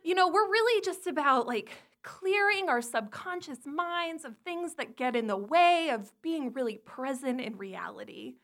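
An easygoing teenage boy chatting casually, as a woman storyteller acts him out. The voice sits fairly high and bright, with an unbothered, explaining drawl. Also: expressive, a little slow, hardly any pauses, exaggerated voice. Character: relaxed teenage boy at a summer camp.

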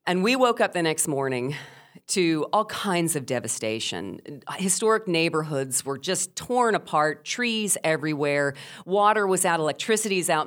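A middle-aged woman, a former radio host, telling a first-person story with animated, emphatic delivery. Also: low-pitched, moderate pace.

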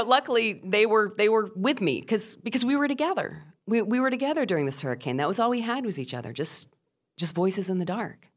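A middle-aged woman, a former radio host, telling a first-person story with animated, emphatic delivery. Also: mid-range voice, brisk.

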